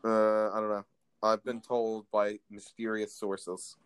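A man's voice: on the low side, flat delivery, takes it slowly, heavy background noise. A young man hosting a casual chat, teasing his guest and joking about himself. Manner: joking, self-deprecating. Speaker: host.

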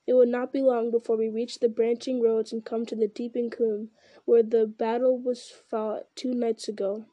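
A woman reading aloud voices a commanding old wizard, grave and measured. The voice sits a little high, with a very mellow, warm tone and a dry, close sound. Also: level tone, dry recording, muffled recording, lightly acted. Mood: calm. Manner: grave, measured delivery that rises to urgent cries. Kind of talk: reading a fantasy novel aloud.

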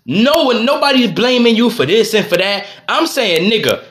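Heated, high-voiced New man ranting. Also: lively intonation, moderate pace, a bit bright. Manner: heated, profane, exasperated venting. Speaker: podcast host. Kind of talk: solo ranting monologue. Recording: roomy echo.

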